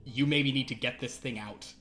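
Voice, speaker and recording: A man's voice: medium pitch, moderate pace, a bit bright, faint music behind. A man narrating as game master of a tabletop horror game, talking loosely with many fillers. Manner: loose and rambling, full of fillers.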